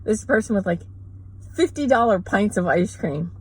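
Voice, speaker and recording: A woman vlogger ranting sarcastically in a rambling, mocking way, with quick asides. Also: medium pitch, lively intonation, husky, low-quality recording. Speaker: mother. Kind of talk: sarcastic comedic rant.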